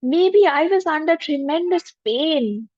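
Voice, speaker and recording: Slow, gentle woman guiding meditation. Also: sits high, expressive, no room sound. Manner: gentle, humble, repetitive affirmations. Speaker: spiritual teacher. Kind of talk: guided forgiveness meditation. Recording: dull lo-fi dry recording.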